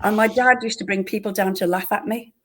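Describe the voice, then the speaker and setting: An older woman from Liverpool with a Liverpool accent, telling stories in a casual interview with animated, self-deprecating swoops. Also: medium pitch, a little fast. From Liverpool, England. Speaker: guest actress.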